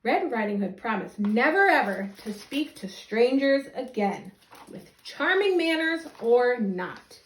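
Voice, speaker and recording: A woman teacher reading a children's story aloud for young listeners, her voice high and leaping around expressively. The sound is roomy, with a clear echo. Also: a little slow. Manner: animated, expressive.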